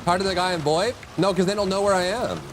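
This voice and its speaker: A man's voice: fast talker, slight background noise. A man streaming live, talking his chat through a game and yelping at enemies. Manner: excitable, jumps to high yelps and mock insults at enemies. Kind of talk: live gameplay commentary.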